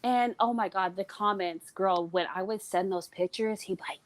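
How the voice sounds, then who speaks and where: A woman's voice: mid-range voice, normal speed, background noise. A woman guest in casual podcast chat, telling a story and acting out the voices of the people in it. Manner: animated, acts out quoted voices.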